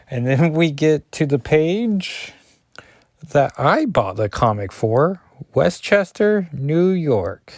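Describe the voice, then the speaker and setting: A man's voice: fairly high pitch, big pitch swings, takes it slowly, a little mellow, no echo. A man casually reading through a comic issue as a reviewer, rambling with chatty asides and self-deprecating remarks.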